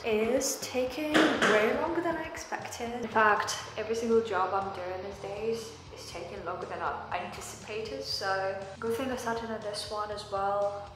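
Her voice sits at a medium pitch as she vlogs her renovation project, talking nervously to camera and swearing frequently out of frustration. The audio is captured from a distance indoors, in a very echoey, empty room of the house, with music in the background.

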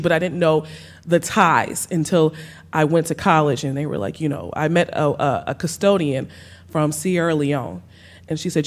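A woman with a Gullah Geechee Lowcountry accent, a cookbook author speaking onstage before an audience, telling stories warmly and laughing often. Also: normal speed. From South Carolina Sea Islands. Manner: warm storytelling, laughs often, says y'all. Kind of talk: onstage conversation. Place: stage under lights before an audience.

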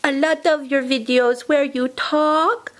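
A woman voicing a creepy, childlike monster imaginary friend who lives under the bed. She talks in a slow, dreamy way that drifts into whispers. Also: sits high, steady tone. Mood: eerie dreamy. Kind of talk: comic character monologue.

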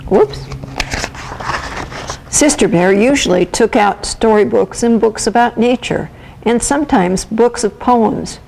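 A woman volunteer reading a children's picture book aloud with gentle, expressive storytelling. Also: on the high side, measured pace, gravelly, a little hiss or hum, rough recording. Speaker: volunteer reader.

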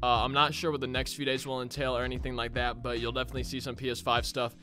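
A man's voice: mid-range voice, level tone, fast talker, bright, forceful tone, faint music behind. A young man chatting casually to viewers as he unboxes a console, a bit out of breath. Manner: chatty, talks to viewers as y'all. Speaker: gaming YouTuber.

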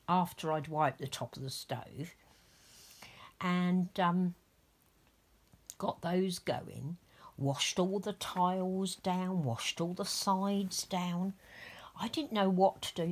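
Husky, slow-talking woman telling a story. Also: lowish voice. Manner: chatty, rambling anecdote with soft whispered asides to the doll. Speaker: vlogger dressing a reborn doll. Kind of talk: casual storytelling while dressing a doll.

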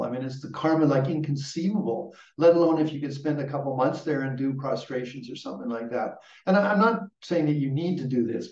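A man's voice: medium pitch, darkish tone. A middle-aged man, a lama, gives a casual Dharma teaching full of personal anecdotes, rambling with frequent restarts and laughter. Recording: distant, roomy and dull-sounding.

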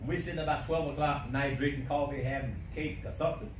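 A man preaching a sermon, emphatic, swinging between quiet asides and shouting. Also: fairly high pitch, fairly even intonation, fast. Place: church sanctuary. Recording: echoey church from a distance, faint hiss.

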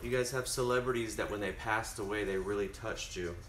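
A man hosts a casual live cooking stream from his home kitchen, chatting right to his viewers. His voice sits fairly low with fairly even intonation and a slightly quick pace. The sound is reverberant, with background noise.

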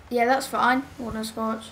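High-voiced woman streaming a game. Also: noisy background. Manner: chatty, exasperated, scolding a teammate. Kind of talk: live gameplay commentary.

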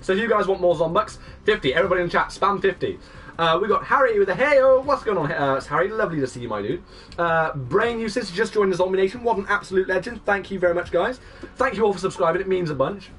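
A young man in his twenties live-streaming a game, greeting and thanking viewers and breaking into excited shouts. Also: high voice, fast, recorded from a distance, faint music behind. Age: 20s. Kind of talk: live-stream chat reading out viewers' messages.

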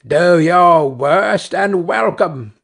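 A man voicing a cruel, grumbling male carter with a gruff manner. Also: sits high, expressive, very slow, fairly bright tone, exaggerated voice. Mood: scornful.

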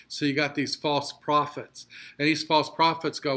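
A pastor teaching a Bible study, reading scripture slowly and explaining it with emphatic repetition. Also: male voice, on the high side, little pitch movement, bright, forceful tone.

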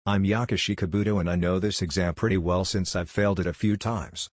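A man voicing a smooth, condescending young male ninja in a storybook reading. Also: low-pitched, fairly even intonation, brisk, no echo, clean studio sound. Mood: smug.

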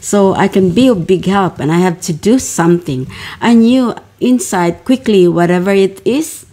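A woman's voice: mid-range voice, normal speed, dark tone. A woman telling a personal spiritual story in a fervent, repetitive way, calling her listeners beloveds. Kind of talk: personal testimony narration.

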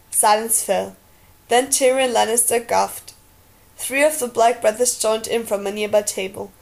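Woman reading a novel aloud, high voice. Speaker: audiobook reader.

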